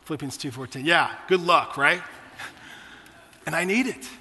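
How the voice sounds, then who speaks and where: Bright-voiced pastor preaching in a hall. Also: male voice, on the high side, unhurried. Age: 40s. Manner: conversational preaching with personal stories and asides. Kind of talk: sermon.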